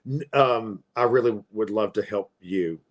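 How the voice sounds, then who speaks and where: A man's voice: lowish voice, measured pace. A man in his forties from Appalachia, a tarot reader telling stories in a chatty, rambling way. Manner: chatty, rambling, with frequent fillers. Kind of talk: casual storytelling.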